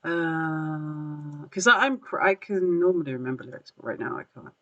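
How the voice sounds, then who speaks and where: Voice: mid-range voice, normal speed, fairly bright tone, lo-fi sound. A podcast host chatting casually on a livestream, rambling with lots of fillers, apologizing and laughing at themselves. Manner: rambling, filler-heavy, self-deprecating laughs. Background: faint background music.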